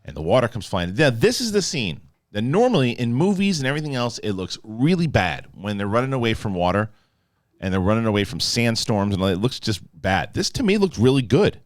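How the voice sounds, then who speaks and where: A man doing a casual spoiler review of a TV episode, animated and joking, with loose profane talk and bits where he acts out the characters. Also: mid-range voice, dry recording, studio quality. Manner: animated, acts out characters in quick put-on voices. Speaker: film and TV reviewer.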